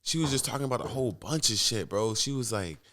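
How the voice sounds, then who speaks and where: A man's voice: mid-range voice, lively intonation, fast, pushed and bright. A young man rambling through a personal story in a casual vlog, swearing often and jumping between thoughts. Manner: rambling, profane, restless storytelling. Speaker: vlogger.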